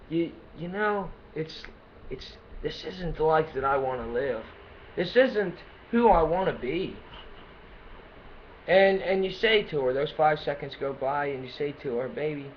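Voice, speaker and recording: A man speaking off the cuff to his viewers, halting and repeating himself before lifting into excitement. His voice sits a little high. The sound is dull and lo-fi, with faint noise behind it, as from a built-in computer mic. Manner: hesitant, many fillers and restarts, bursts of excitement. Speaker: self-help vlogger. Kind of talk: unscripted motivational talk to camera.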